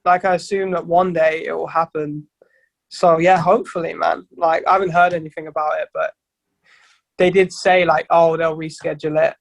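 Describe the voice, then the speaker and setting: A man's voice: fairly high pitch, flat delivery, moderate pace, vocal fry, no room sound. A young man, a band's singer, chatting casually on a podcast with loose, rambling sentences and frequent swearing. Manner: rambling, swears freely, many restarts. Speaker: band vocalist guest.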